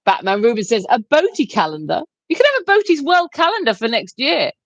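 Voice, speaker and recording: A woman's voice: on the high side, huge pitch swings, a little fast, dry recording, lo-fi sound. A woman co-hosting a livestream, reading viewer comments aloud and laughing often in casual banter. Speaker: livestream co-host reading chat.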